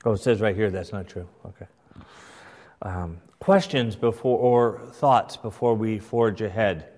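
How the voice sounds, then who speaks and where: A man as pastor teaching his congregation in a church, measured and emphatic, often checking in with "right?". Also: fairly low pitch, darkish tone. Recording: long hall reverb.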